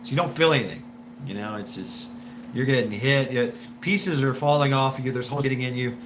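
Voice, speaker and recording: With a wheezy smoker's voice, a man hosts a casual livestream, rambling, stammering, and swearing heavily as he answers viewer comments. He is medium-pitched and a little fast, over a noisy background.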